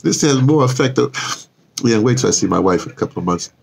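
A man's voice: medium pitch, expressive, fast, gravelly, a little mellow, slightly rough. An older man chatting loosely on a live stream from outdoors, wandering off topic and correcting himself as he goes. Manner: meandering, self-interrupting, chuckling asides. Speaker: vlogger. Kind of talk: rambling live-stream chat. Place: outdoors in the cold.

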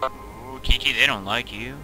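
A man's voice: medium pitch, a little slow, poor audio. A young man gaming with friends over voice chat, teasing and cracking jokes. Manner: teasing, wisecracking. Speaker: gamer on voice chat. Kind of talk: casual gaming banter. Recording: game music behind the voice chat.

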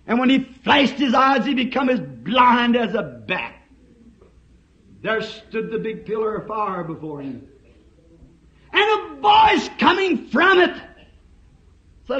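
Impassioned high-voiced revival preacher, lo-fi tape. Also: male voice, sing-song, slow. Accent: Southern United States. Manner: impassioned, swings from shouting to hushed. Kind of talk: old-time revival sermon. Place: church service. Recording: dull lo-fi sermon tape.

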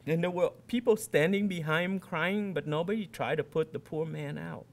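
A man's voice: a little high, normal speed, gravelly. A man in his fifties, an author from Vietnam, reading his short fiction aloud in a first-person boy's storytelling voice.

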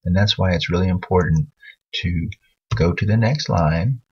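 A man's voice: sits low, moderate pace, a little mellow, slightly rough, muffled recording. A man teaching a writing lesson over a screen recording, patiently correcting a student's work as he thinks aloud.

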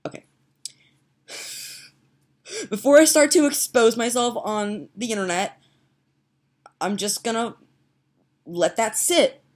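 A woman's voice: fairly high pitch, lively intonation, slow, pauses often, darkish tone. Chatty, giggly young woman vlogging. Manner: chatty, giggly, self-mocking. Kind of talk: rambling casual vlog. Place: home, indoors.

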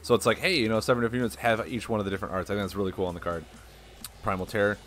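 Young guy talking fast on his stream, opening packs, faint music behind. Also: on the low side, fairly even intonation, a bit bright. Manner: chatty, reads card names aloud slowly, frequent restarts. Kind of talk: casual live-stream chat.

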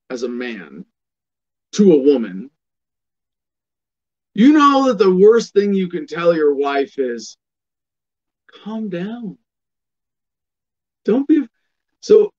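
A man's voice: on the high side, a little mellow, dull audio. A man hosting a political commentary show, delivering a sardonic, emphatic monologue and reading passages aloud.

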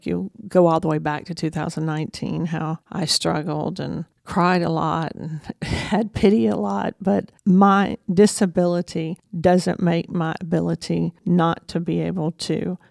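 A woman's voice: on the low side, creaky, a little mellow, no room sound, clean studio sound. A woman, hosting and telling a personal story in a candid, emotional, conversational way. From Georgia, USA. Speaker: host.

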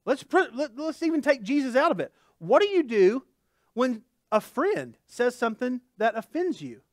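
A man preaches a sermon in a loose, conversational way, tossing in jokes and asides as he goes. His voice sits high and swings widely in pitch. The sound is dry and close. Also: sing-song, moderate pace, no room sound. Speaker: pastor. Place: church.

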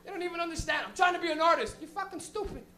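Male stand-up comic, very high voice, rowdy and profane, full of impressions. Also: racing, noisy background. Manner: profane, animated, laughing, acts out characters. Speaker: stand-up comedian hosting. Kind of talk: stand-up comedy. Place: comedy club stage.

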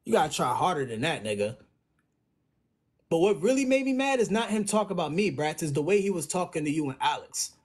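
High animated husky man. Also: fairly quick. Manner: animated, slangy, indignant. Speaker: live stream panelist. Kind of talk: heated casual chat.

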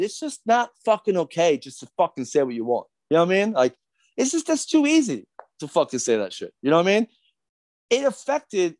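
A middle-aged man ranting on a podcast, worked up and profane, his pitch swinging widely and sitting a bit high for a man. He talks into a close studio mic in a dry, dead room, packing in fillers and restarts. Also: darkish tone, dry recording. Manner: profane, fired up, repetitive fillers. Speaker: podcast guest, skateboarder. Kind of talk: heated podcast rant.

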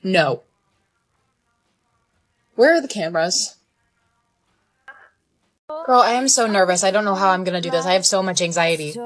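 A young woman acting in comedy skits, sassy and expressive. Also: on the low side, moderate pace, pauses often, soft background music, lightly acted. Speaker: lead in skits.

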